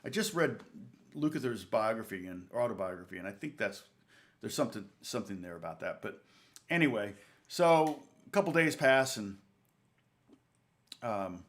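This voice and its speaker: A man's voice: fairly low pitch, lively intonation, moderate pace, pauses often. A man hosting a guitar lesson, telling a rambling story and correcting himself as he goes. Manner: rambling, self-correcting, chuckling anecdote. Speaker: guitar teacher and channel host.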